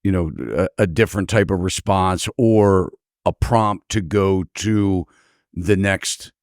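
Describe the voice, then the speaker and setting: A low-voiced man hosts the conversation, drifting through his questions with "you know" and "um." He sounds relaxed and curious. The recording is dry and close. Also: takes it slowly, no echo. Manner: asks rambling questions with fillers. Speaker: real estate broker host. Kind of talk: casual interview.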